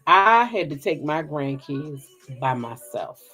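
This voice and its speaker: A woman's voice: low-pitched, sing-song, slow, bright, forceful tone, slightly rough, dull audio, faint music behind. A middle-aged woman hosting a gossip channel, chatting frankly with her viewers in a casual live stream, reading their comments and swearing freely.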